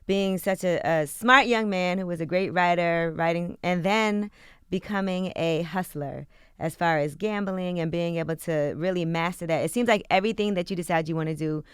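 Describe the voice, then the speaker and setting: A woman's voice: fairly low pitch, moderate pace, clear, resonant tone, dry recording, studio quality. A woman co-hosting a radio interview, attentive, summing up the guest's story before asking her question. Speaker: radio co-host. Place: radio studio.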